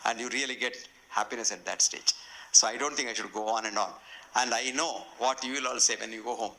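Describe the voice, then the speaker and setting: A man's voice: medium pitch, brisk, creaky, sharp tone. A man with an Indian English accent giving a public lecture, a humorous, self-deprecating storyteller in a hotel function hall. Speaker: guest lecturer.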